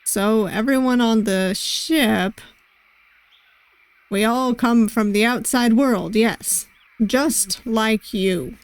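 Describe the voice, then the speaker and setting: A charming male pirate sailing master from a romance game, played by a woman who voices him gentle and reassuring with a halfhearted pirate lilt. He speaks slowly and fairly high for a man. The sound is close and dry. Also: no echo. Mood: flirty reassuring. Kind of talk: visual novel voice reading.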